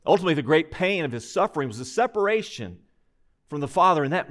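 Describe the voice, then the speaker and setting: Man preaching with a lively, higher voice. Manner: emphatic, measured preaching with rhetorical questions. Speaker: pastor. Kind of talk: sermon.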